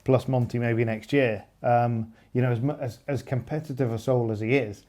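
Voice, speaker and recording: A man's voice: medium pitch, fairly even intonation, normal speed, dark tone. A man chatting casually as a rally journalist in a review, agreeable and thoughtful.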